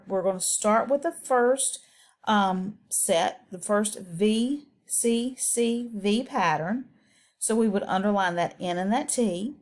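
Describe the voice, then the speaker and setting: A woman teacher giving a patient, step-by-step instructional voice-over on reading skills, with occasional ums. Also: medium pitch.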